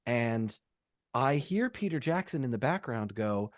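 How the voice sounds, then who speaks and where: A man in his thirties chats as a podcast guest, his mid-pitched voice swinging up and down as he rambles through stories with quick laughs. The recording is dry, with no room sound. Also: lively intonation, no echo. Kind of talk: casual podcast chat.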